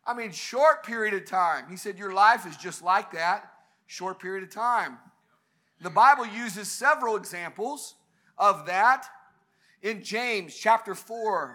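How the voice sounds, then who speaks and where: High, bright-voiced man preaching fervently. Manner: fervent preaching, swelling to emphatic peaks. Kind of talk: sermon. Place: church service.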